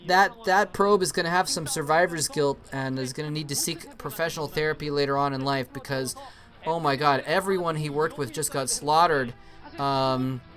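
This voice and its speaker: A man casting an old strategy-game match by himself. He talks chattily with jokey asides, stammers and repeats words, and jumps to high-pitched cheering at big plays. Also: bright, forceful tone. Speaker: esports commentator. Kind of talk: solo play-by-play commentary over an old match.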